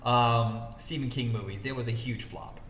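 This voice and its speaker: A man from Indiana co-hosting a casual film podcast, lively and profane, with frequent laughter. His voice is bright and forceful. It sounds like a roomy space with long reverb. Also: medium pitch, normal speed. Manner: animated, profane, laughs often. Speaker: podcast co-host. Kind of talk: casual movie-review chat. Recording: echoey room with long reverb.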